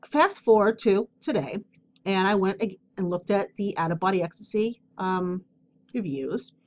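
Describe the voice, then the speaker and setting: On her casual solo podcast about spiritual advice, a woman speaks frankly and meanders with filler words, sucking on a cough drop. She has a medium pitch, and the recording's highs are cut off.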